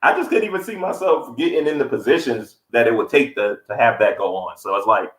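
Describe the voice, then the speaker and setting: A man co-hosting a podcast speaks fairly quickly at medium pitch, telling a story in casual chat. He's animated, acting out quotes in a raised voice, and the recording sounds echoey.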